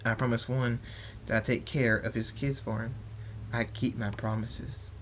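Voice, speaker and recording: A man reading as a young pony prince who has seen war but stays kind. The voice is mid-pitched and soft-spoken, close to a plain reading voice. A faint hiss sits under it. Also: little pitch movement, normal speed, lightly acted.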